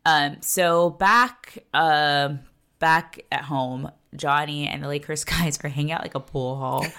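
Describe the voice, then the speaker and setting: A woman hosting a podcast in casual chat, animated, laughing often and swearing freely. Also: sits low, slow, smooth. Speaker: podcast host. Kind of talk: casual chat recapping a TV show.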